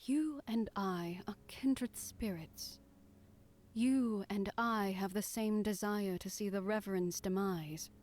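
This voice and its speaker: A woman voicing a gentle, motherly goddess in whispered role-play, hushed and soothing. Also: medium pitch, slow pace, pitched above the performer's own voice, natural voice. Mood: persuasive.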